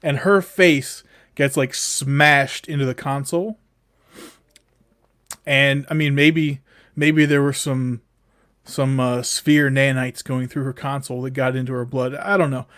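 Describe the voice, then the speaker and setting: A man's voice: medium pitch, fairly even intonation, a little slow, a bit bright, no room sound, studio quality. A man co-hosting a podcast in casual chat, easygoing and agreeable. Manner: easygoing, agreeable, short replies. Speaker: podcast co-host.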